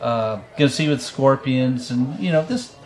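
Podcast host, man, casual rambling storyteller, swears freely, mid pitch. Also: lively intonation, normal speed. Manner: rambling, profane, laughs often.

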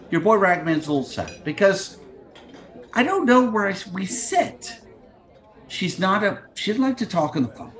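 Middle-aged male podcast host, scatterbrained and crude, animated delivery, slightly high voice, video call mic. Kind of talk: casual rambling monologue.

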